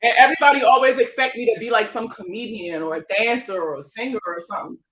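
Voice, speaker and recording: A woman hosting a casual livestream, telling stories in an animated, slangy way and laughing often. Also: fairly high pitch, quick pace, reverberant, poor audio. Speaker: financial educator hosting a livestream.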